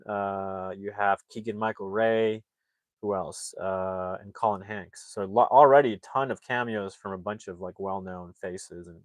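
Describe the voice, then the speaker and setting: A man's voice: on the low side, dry recording. A man casually recapping a film's plot, rambling with lots of filler words. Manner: rambling, filler-heavy storytelling. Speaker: movie reviewer.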